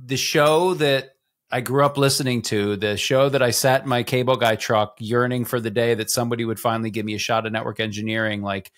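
A man co-hosting a podcast in a casual group chat, animated and rambling, with lots of fillers and self-deprecating asides. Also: mid-range voice, quick pace, hardly any pauses. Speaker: podcast co-host.

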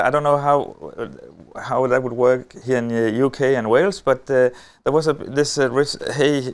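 A middle-aged Danish man speaking on a stage at a conference, telling a story with wry humor and many halting filler sounds. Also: mid-range voice. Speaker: lecturer. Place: on a stage before an audience.

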